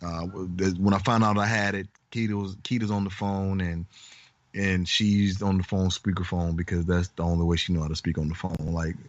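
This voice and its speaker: Man on a chat podcast, low voice, dull lo-fi sound, animated storyteller. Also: a little fast, dry recording. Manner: storytelling, animated, laughs a lot. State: recovering from covid. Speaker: podcast co-host. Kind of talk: casual chat.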